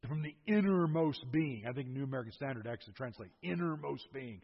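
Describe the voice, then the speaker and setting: A man's voice: mid-range voice, lively intonation, brisk. An older man preaching a sermon, explaining scripture verse by verse with emphatic asides. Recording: husky voice, dull lo-fi sound, long hall reverb.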